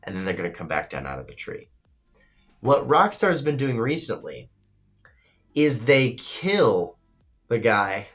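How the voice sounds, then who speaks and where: Guy streaming late night, chatty and emphatic, answers chat, faint music under it. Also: a little slow. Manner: animated, emphatic storytelling, swings loud and high. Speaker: livestream host. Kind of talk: casual livestream commentary.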